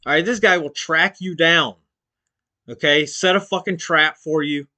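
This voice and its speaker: A man's voice: on the high side, fairly even intonation, measured pace. Mocking, foul-mouthed male stream host. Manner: loud, mocking, heavy swearing. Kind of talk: profane reaction commentary.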